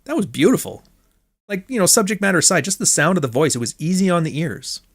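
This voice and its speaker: A man's voice: sits high, very animated, fast. A Canadian man hosting a livestream, talking in a blunt, rambling way and swearing freely. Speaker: stream host. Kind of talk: casual livestream commentary.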